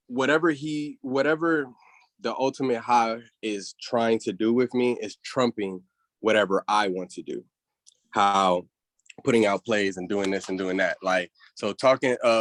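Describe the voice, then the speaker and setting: A man's voice: lowish voice, a bit bright, dry recording. A man working as a trading analyst, speaking earnestly and rambling, with spiritual asides. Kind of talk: casual livestream talk.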